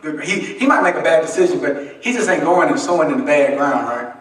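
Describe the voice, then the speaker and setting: Man, pastor, somewhat high voice, folksy call-and-response sermon, booming church echo, mic well off. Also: lively intonation, fairly quick, a bit bright. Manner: call-and-response preaching, asks the congregation to finish his lines; folksy, humorous, conversational delivery. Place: church sanctuary. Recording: echoey church from a distant mic.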